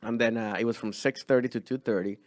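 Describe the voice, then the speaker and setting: A man's voice: medium pitch, steady tone, quick pace, no room sound. A young man from Venezuela, a comedian, chatting casually on a podcast and rambling with many restarts. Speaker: guest comedian.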